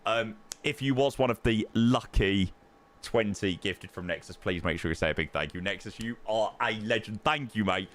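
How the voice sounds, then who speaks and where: A man's voice: lowish voice, moderate pace, fairly bright tone. A young man hosting a flight simulator live stream, effusively thanking viewers by name in casual chat.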